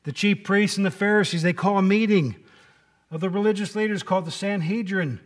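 A man's voice: high-pitched, fairly quick. A man preaching a casual sermon, chatting with the congregation and acting out the quoted lines. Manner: conversational, asks the congregation questions, acts out quotes.

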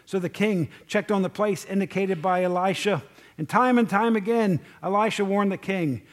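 High-voiced man teaching the Bible. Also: normal speed. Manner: conversational, asks the listeners questions.

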